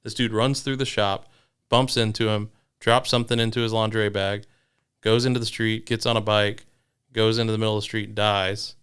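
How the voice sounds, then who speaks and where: Wry man with a smooth voice. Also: lowish voice. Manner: wry, deadpan. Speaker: podcast co-host. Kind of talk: casual chat.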